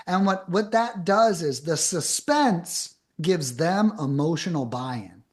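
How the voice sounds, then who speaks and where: A man on a podcast as a guest, giving blunt, emphatic advice in fast bursts with casual swearing. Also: a little high, animated.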